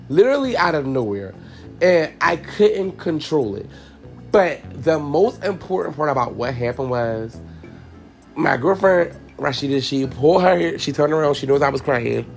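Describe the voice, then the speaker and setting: A man with a mid-pitched, gravelly voice tells a personal story to his podcast listeners, candid and profane. He sounds tearful and keeps calling out to them as y'all. Faint music plays underneath. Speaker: podcast host.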